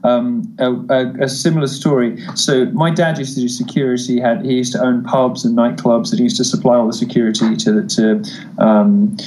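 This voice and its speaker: A man's voice: medium pitch, fairly even intonation, fairly quick, darkish tone, slight background noise, low-quality recording. A man with a posh British accent, a talk-show guest calling in and telling stories in a camp, theatrical way. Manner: camp, theatrical, calls people darling. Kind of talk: casual chat, storytelling.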